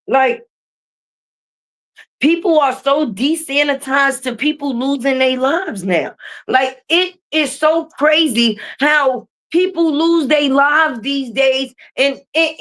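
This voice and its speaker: A young adult woman streamer, ranting on a livestream in a profane, confrontational, animated way. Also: high-pitched. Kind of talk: livestream rant. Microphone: streaming mic.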